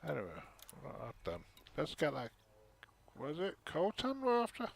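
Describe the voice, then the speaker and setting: Man, gaming streamer, casual chatter, mutters to himself, gravelly, lively pitch. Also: normal speed. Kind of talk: casual gameplay commentary.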